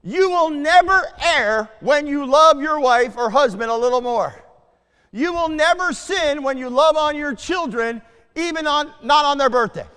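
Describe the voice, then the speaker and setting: A man preaching a sermon to a congregation, swinging between loud declarations and hushed asides and asking his listeners questions. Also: extremely high pitch, expressive, measured pace, big-room sound. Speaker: pastor.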